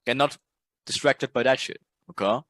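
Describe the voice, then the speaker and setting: A man's voice: medium pitch, moderate pace, fairly bright tone, dry recording. A man teaching a trading course in a casual lecture. He talks bluntly, swears freely, and keeps checking in with "right?".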